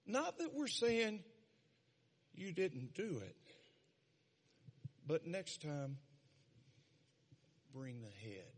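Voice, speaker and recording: A man preaching a sermon, retelling a story with lively acted-out voices. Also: on the high side, extremely slow, pauses often, breathy edge. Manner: animated, dramatizes scenes with voices. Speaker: pastor. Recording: long reverb of a large hall.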